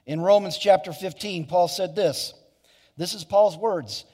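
A man's voice: high-pitched, unhurried, warm tone. A man preaching a sermon to his church, earnest, with many restarts and asides. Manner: earnest preaching with frequent restarts and "you know". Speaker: pastor. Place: church sanctuary. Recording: hall reverb.

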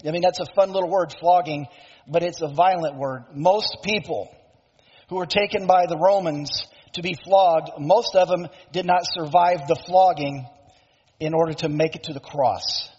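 A male preacher who tells the story emphatically, often stopping to restate himself. His voice is high and husky. The sound is dull and lo-fi, with long reverb from a hall. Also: steady tone, normal speed, darkish tone. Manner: emphatic storytelling, self-interrupting. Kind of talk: sermon, dramatic retelling.

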